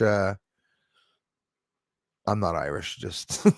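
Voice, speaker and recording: A man's voice: mid-range voice, measured pace, gravelly, no room sound, studio quality. A man hosting a live stream, chatting casually in a rambling way and answering viewer comments. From Quebec.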